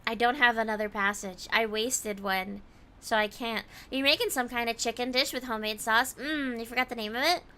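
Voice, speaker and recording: A woman's voice: fairly high pitch, a little fast, sharp tone, clean tone. A woman streamer chatting casually while gaming, reading viewer comments aloud and answering them.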